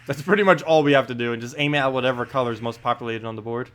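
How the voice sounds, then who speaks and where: Racing along in a medium-pitched voice, this man comments casually on his gameplay while streaming live, with soft music playing behind him. He fields questions from viewers in a relaxed way, thinking out loud and filling pauses with plenty of uhs and ums.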